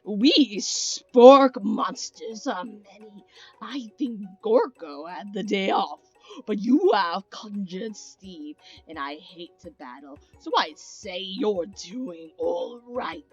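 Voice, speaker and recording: A woman voicing a lonely, chatty male spork monster in a slow, sinister, clown-like drawl. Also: medium pitch, animated, breathy edge, faint music behind. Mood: creepy chatty.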